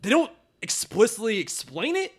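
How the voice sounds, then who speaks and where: Young man, high animated voice, sarcastic and profane, riffing on movies with a friend. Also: moderate pace, breathy edge. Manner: animated, sarcastic, swears often, acts out quotes. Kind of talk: casual movie discussion.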